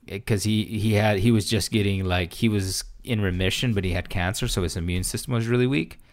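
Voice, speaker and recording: A man's voice: fairly low pitch, fairly even intonation, a little fast. A man in casual conversation, rambling with lots of fillers and restarts, swearing freely. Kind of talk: casual chat.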